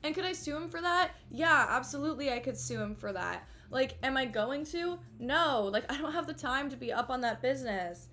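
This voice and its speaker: A woman's voice: high voice, expressive, moderate pace, few pauses, pushed and bright. Exasperated young woman venting on stream. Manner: exasperated, rambling, heavy use of "like" and swearing. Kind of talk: casual live-stream venting. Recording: faint music behind.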